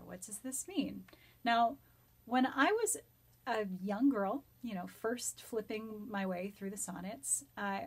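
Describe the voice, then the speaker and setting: A woman teaching a Shakespeare sonnet from home, reading verse lines slowly and then explaining them in an enthusiastic, nerdy, chatty way. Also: mid-range voice, creaky, breathy edge. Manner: enthusiastic, self-described nerdy. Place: home during quarantine.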